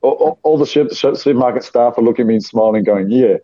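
A man with a dark, mellow voice spins long, rambling anecdotes in casual chat and slips into the voices of the people in his stories. The sound is dull and lo-fi, and the voice sits dry and close. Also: medium pitch, fast, no room sound. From South Australia. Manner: rambling anecdotal storyteller, acts out quoted voices.

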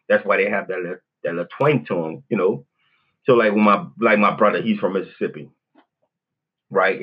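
Husky blunt New Orleans man ranting. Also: fairly low pitch, lo-fi sound. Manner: blunt, profane, rambling with many "you know what I'm saying". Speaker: podcast host. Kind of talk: casual monologue.

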